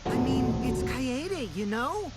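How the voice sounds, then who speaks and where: A high-pitched young schoolgirl speaks indignantly, her voice swooping up and down. Loud game music fills the background. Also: animated, slow pace. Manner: indignant, accusing.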